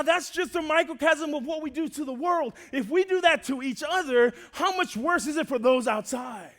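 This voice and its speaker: A man preaching a sermon to a church, telling a personal story in an animated way that swings between loud and hushed. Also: extremely high pitch.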